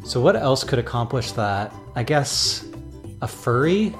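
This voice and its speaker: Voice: mid-range voice, sing-song, a little slow, soft background music. Dry, sarcastic comedy co-host. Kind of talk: comedic banter.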